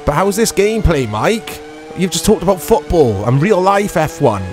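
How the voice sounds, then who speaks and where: A man's voice: fairly high pitch, sing-song, moderate pace. A man giving casual, rambling commentary while playing an old racing game. He is self-deprecating and full of tag questions. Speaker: retro game reviewer. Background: background music.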